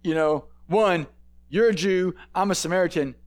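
A man's voice: high voice, moderate pace, lightly acted. A man voicing a surprised Samaritan woman at a well, stammering and incredulous.

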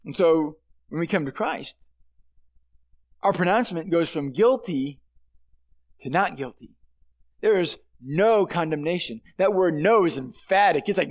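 A man's voice: on the high side, lively intonation, measured pace, long pauses. A man, a pastor, giving a sermon in an earnest, conversational way with emphatic stresses.

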